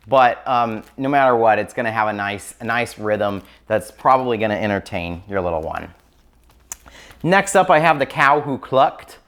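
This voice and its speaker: A man's voice: mid-range voice, animated, normal speed, fairly bright tone. Chatty man reviewing picture books. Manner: chatty, filler-heavy, enthusiastic. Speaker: children's book reviewer. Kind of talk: casual book review chat.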